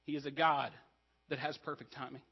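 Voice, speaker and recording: A man's voice: fairly high pitch, fairly even intonation, a little fast, long reverb tail, highs cut off. A man preaching a sermon as pastor, conversational and earnest, with casual asides to the congregation. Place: church sanctuary.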